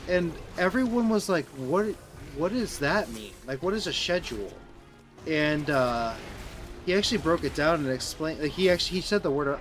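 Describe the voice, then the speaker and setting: A man's voice: medium pitch, slight background noise. A man with a Midwestern American accent, a streamer chatting casually with viewers while playing, rambling and restarting his sentences. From Southern Illinois, USA. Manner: rambling, answers chat, restarts sentences often. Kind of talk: casual live-stream chat while gaming.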